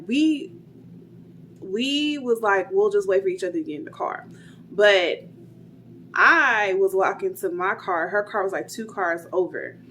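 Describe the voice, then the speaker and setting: A woman's voice: lowish voice, fairly bright tone, a little hiss or hum. A young woman casually telling a personal story, chatty and full of fillers, acting out what people said. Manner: chatty, retells dialogue, many "like" fillers.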